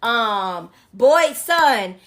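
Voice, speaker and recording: Bright high-voiced joking woman. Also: animated, extremely slow. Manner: joking, chimes in with quips and acted lines. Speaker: podcast co-host. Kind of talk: casual chat recapping a TV series.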